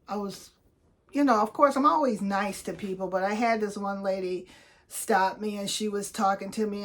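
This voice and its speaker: A woman in her sixties, a vlogger telling everyday stories in a chatty, upbeat way and acting out the voices of people she quotes. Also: mid-range voice. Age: 60s. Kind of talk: casual storytelling vlog.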